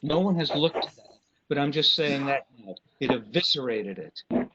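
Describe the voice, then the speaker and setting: With noisy surroundings, an RF engineer consultant talks at a public meeting in a medium-pitched voice with lively intonation at normal speed. He's impassioned and apologetic, repeatedly halting and restarting, in a dull lo-fi meeting recording.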